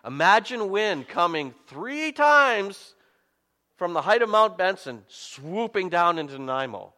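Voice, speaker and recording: A male pastor delivers a sermon in a fairly high, bright voice. His pitch rises and falls in big, animated swings as he tells the story. He keeps breaking in with self-mocking humor. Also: a little slow, in a large hall.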